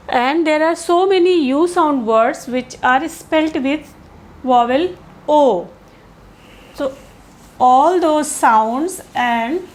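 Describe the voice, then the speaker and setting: A woman teaching English pronunciation, saying each sound slowly and deliberately with pauses and fillers. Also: sits high, darkish tone. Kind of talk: pronunciation lesson.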